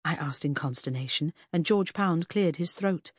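A woman narrating a first-person audiobook with an expressive, lively delivery. Her voice sits a little low for a woman and is recorded dry and close, with no room sound. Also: normal speed, slightly rough, no echo. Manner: expressive, lively storytelling that shifts into character voices.

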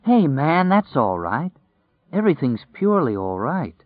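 A man's voice: fairly high pitch, very animated, normal speed, no room sound, voice pushed up. A man doing a sly, coaxing menace. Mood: coaxing, sinister. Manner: smooth, coaxing drawl. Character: sly, menacing man playing soothing and friendly. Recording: dry, tinny phone-like sound.

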